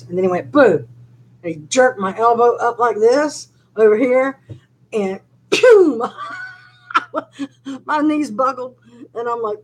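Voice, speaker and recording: A woman's voice: medium pitch, moderate pace, pauses often, rough recording. An older woman hosting a casual live-stream chat, rambling through stories with lots of fillers. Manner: rambling, chatty storytelling with many fillers. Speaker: channel host on a live chat.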